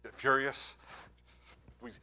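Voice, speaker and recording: A man preaching a sermon as pastor, earnest, moving between emphatic points and hushed, quiet lines. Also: slow.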